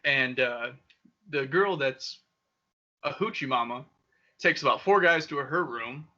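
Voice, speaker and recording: A young man hosting a podcast, telling wild stories in a casual, profane, animated way with frequent laughter. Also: medium pitch, unhurried. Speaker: podcast host. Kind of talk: casual storytelling. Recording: dull lo-fi sound.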